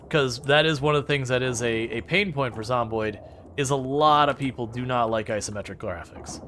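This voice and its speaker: A chatty male streamer rambles through a game at a desk mic, his pitch rising and dropping as he talks to chat. He drifts into sarcastic asides in a casual, unscripted way. A faint hiss sits under the recording. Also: fairly quick, fairly bright tone. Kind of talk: casual live-stream chat while playing.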